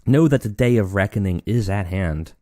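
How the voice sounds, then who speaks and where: A man reading the lines of a male cult leader who prophesies doom, in a slow, solemn, measured way. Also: on the low side, expressive, warm tone, dry recording, studio quality, natural voice. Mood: ominous.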